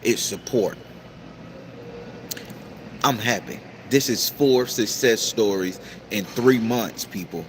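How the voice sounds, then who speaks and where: A man hosting a casual livestream and reading out viewer comments, talking in a profane, preachy, emphatic way with sudden high-pitched outbursts. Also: takes it slowly, pauses often, slight background noise. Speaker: tarot reader and livestream host.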